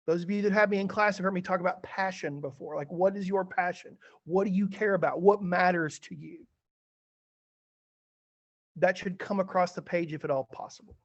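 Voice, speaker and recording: Animated teacher on a muffled video call. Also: male voice, high voice, moderate pace. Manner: chatty, animated, a bit theatrical. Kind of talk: online class feedback session.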